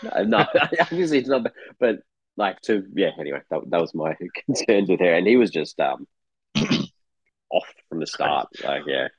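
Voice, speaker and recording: Man, very low husky voice, laid-back film talk, dry close sound. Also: normal speed, dry recording, dull audio. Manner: relaxed, laughs often, many fillers. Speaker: podcast co-host. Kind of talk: casual film discussion.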